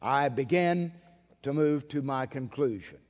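A man preaching a sermon, emphatic and storytelling, his voice rising high and loud for emphasis. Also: animated, measured pace. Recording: dull lo-fi sound with long hall reverb.

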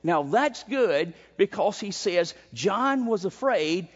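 A man preaching through a Bible passage, his voice sitting high for a man. He presses his points with emphasis and keeps restarting phrases. The sound is a little dull and rings with a long echo, as in a church sanctuary. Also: lively intonation, slow. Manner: emphatic, frequent repeated starts. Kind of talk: expository sermon.

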